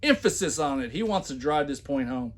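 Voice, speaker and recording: A man's voice: a little high, very animated, a little fast. A man talking in a casual commentary video, sarcastic and blunt, often restarting his words. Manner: sarcastic, reads a job post aloud in loud mocking emphasis. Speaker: commentary vlogger.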